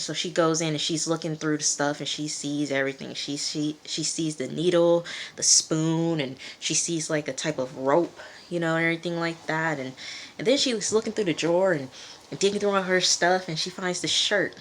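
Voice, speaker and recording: A woman's voice: sits low, moderate pace, slight background noise. A woman casually recapping a TV episode, chatty and rambling, with lots of asides. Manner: rambling, chatty, full of asides and "you know". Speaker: TV reviewer.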